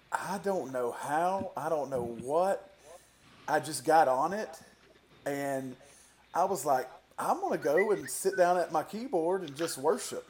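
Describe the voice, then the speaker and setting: Relaxed male guest, faint room hum. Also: medium pitch. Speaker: guest, worship singer. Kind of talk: casual interview chat.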